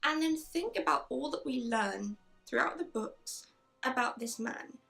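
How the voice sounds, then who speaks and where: A woman's voice: high voice, lively intonation, a little slow, vocal fry, fairly bright tone, faint music behind. A woman chatting enthusiastically in a casual book review, reading passages aloud. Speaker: book vlogger.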